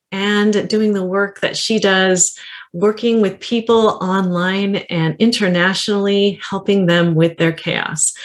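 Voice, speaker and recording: A woman hosting a podcast as a counselor, chatty and friendly as she interviews a guest. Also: on the low side.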